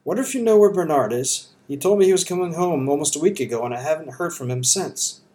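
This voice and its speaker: A warm, worried elderly mother with a Southern accent, put on by a male narrator. She pleads in a lifted, higher voice as she asks after her missing son. This is a storybook telling. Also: lively intonation, fast, close to an everyday voice. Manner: pleading, anxious.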